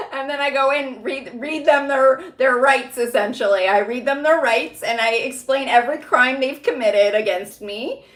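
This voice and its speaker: A woman psychic rambles through a casual vlog, stacking fillers and breaking into laughs. Her voice sits a little high, and the room around her rings with echo. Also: moderate pace, fairly bright tone. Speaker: psychic reader. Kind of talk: casual spiritual vlog talk. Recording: roomy echo.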